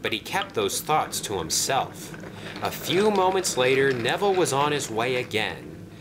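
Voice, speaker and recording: A man narrating a children's toy train story in an expressive storybook style. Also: mid-range voice, a little slow, background noise. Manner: lively, expressive.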